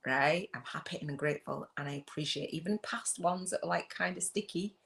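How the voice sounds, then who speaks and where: A woman's voice: low voice, fairly quick, gravelly, a bit bright. A middle-aged woman hosting a livestream on spiritual business, talking earnestly and emotionally, repeating herself and reading out viewers' comments. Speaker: spiritual business coach and host. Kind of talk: livestream talk with journal prompts.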